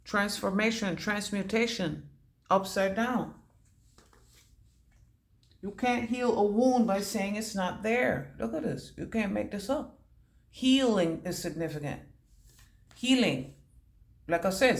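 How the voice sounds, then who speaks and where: A woman's voice: mid-range voice, takes it slowly, pauses often. Woman psychic reader, loose and punning, mid-range voice, echoey room. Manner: free-associating, punning, casually cussing. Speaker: intuitive reader. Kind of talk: channeled intuitive reading.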